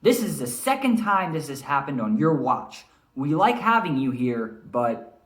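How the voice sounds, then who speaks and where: A man's voice: on the high side, very animated, extremely slow, a little hiss or hum, full character voice. Man playing a stern manager, reproachful tone, echoey room. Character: stern adult male manager.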